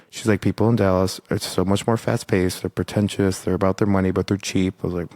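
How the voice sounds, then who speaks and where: A man's voice: deep voice, fairly even intonation, fast, a little mellow, dry recording. A young man co-hosting a podcast, telling a rambling casual story, full of "like" and swearing. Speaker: podcast co-host. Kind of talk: casual chat.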